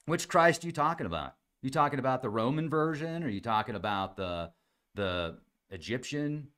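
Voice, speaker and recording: A man's voice: medium pitch, big pitch swings, moderate pace, pauses often, fairly bright tone. A man hosting a podcast livestream, chatting casually, reading viewer comments aloud and addressing people by name. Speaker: podcast host reading live chat comments.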